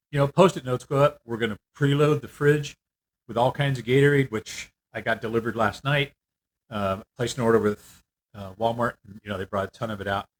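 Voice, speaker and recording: An older man giving a casual, candid video update on his treatment. He rambles a little, fills pauses often, and sounds worn out. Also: mid-range voice, a bit bright. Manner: candid, rambling, with frequent fillers. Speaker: vlogger. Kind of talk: casual personal health update.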